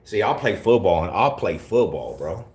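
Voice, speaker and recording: Male livestreamer, lowish voice, brash and confrontational, heavy slang. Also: big pitch swings, normal speed, a little mellow. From Colorado. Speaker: livestreamer reading chat. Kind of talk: casual live-stream talk.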